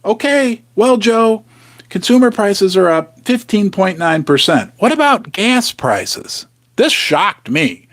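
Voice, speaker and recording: A man's voice: sits high, big pitch swings, slow, a bit bright, no echo, studio quality. A man hosting a casual live stream, chatty and teasing, sometimes dropping to a whisper for effect. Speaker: host of a precious-metals live stream. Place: home basement studio.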